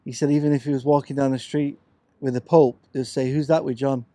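A man chatting casually, a lively and laughing listener who tells a short anecdote of his own. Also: medium pitch, brisk, no room sound. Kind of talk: casual chat.

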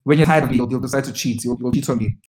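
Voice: medium pitch, darkish tone. Chatty co-host, echoey room. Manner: chatty, exclamatory, quick asides. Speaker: podcast co-host. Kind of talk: casual reality-TV recap chat.

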